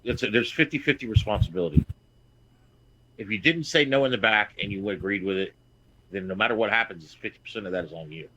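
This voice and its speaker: A man on a podcast telling a blunt, profane story as a veteran wrestler and getting loud and heated. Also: lowish voice, lively intonation, fast talker, breathy edge, poor audio. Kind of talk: casual podcast chat.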